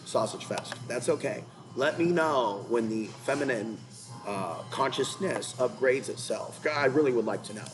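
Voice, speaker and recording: A man's voice: medium pitch, moderate pace, low-quality recording. Man, channel host, agitated rant, repetitive, confrontational, music in the background. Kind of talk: rambling commentary rant.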